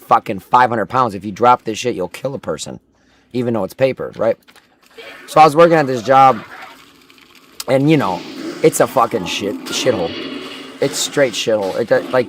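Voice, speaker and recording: A man's voice: medium pitch, no room sound. Profane rambling young man streamer. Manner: profane, rambling, with lots of filler words. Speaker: livestreamer. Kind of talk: rambling storytelling while gaming.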